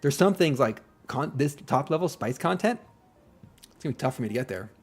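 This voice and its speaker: A man's medium-pitched voice, animated and a little fast with a breathy edge, carries a casual live stream. He rambles, puts himself down jokingly, and adds asides, with faint music behind him.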